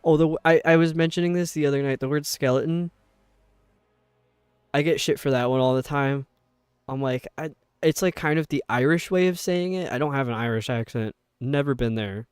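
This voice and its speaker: A man's voice: fairly high pitch, fairly quick, darkish tone, clear, resonant tone, no room sound, clean studio sound. A young man with a New York accent, chatting casually on a live stream in a rambling way, with lots of filler words. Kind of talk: casual chat while gaming.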